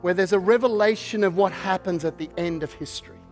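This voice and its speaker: A man preaching a sermon as pastor, measured and repeating words as he searches for phrasing, then building to a fervent call near the close. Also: high-pitched, faint music behind.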